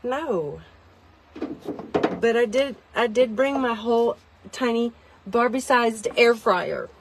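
A woman vlogging a chatty product demo from inside a tiny car, rambling, self-deprecating and easily excited. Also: a little high, takes it slowly, noisy background.

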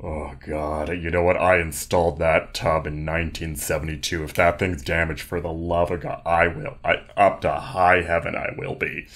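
A man's voice: deep voice, flat delivery, moderate pace, few pauses, a bit bright. A man playing a lonely older landlord in an improv comedy scene, hesitant and sentimental. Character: lonely older male landlord with foot warts.

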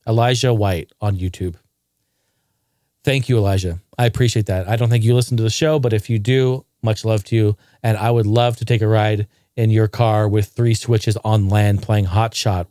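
Earnest, rambling podcast host, dry close sound. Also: male voice, fairly low pitch, steady tone, normal speed, dark tone, dry recording. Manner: earnest, rambling, with many fillers and restarts. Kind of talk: casual solo podcast monologue.

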